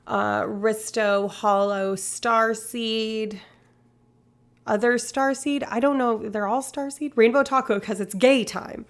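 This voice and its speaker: A woman's voice: fairly high pitch, fairly even intonation, takes it slowly. A woman streamer in rambling, casual live-stream chat, swearing now and then.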